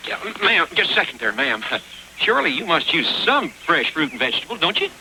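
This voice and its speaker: A young actor playing a polite, nervous farm grandson who stammers and hesitates. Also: male voice, a little high, big pitch swings, a little fast, sharp tone, a little hiss or hum, full character voice, low-quality recording. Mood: earnest. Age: young adult.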